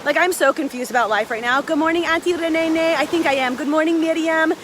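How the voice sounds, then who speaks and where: A woman hosting a casual motivational live stream outdoors on a beach, filmed on a phone, chatty and excitable, a little out of breath. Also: sits high, fairly quick. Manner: chatty, excitable, greets viewers by name. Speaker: live video host. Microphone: phone held by a friend. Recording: faint surf noise outdoors.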